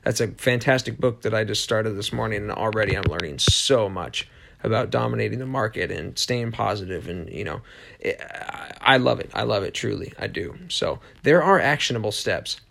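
A man's voice: lowish voice, animated, moderate pace, gravelly, a bit bright, slight background noise. A man hosting a solo motivational podcast, talking earnestly in a rambling way, often restarting and repeating short emphatic affirmations. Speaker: podcast host.

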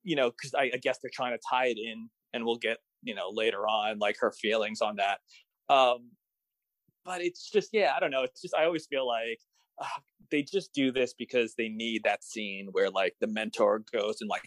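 A man's voice: medium pitch, normal speed, a bit bright, no room sound, low-quality recording. A man co-hosting a casual podcast, wryly complaining about a TV episode with hesitant restarts. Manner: wry, hesitant, with many restarts. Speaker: podcast co-host. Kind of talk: casual episode recap chat.

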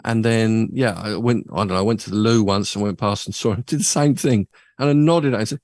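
A man's voice: on the low side, fast, a little mellow, dry recording. A man hosting a radio music show, chatting casually and rambling through anecdotes with lots of fillers. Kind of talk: casual chat.

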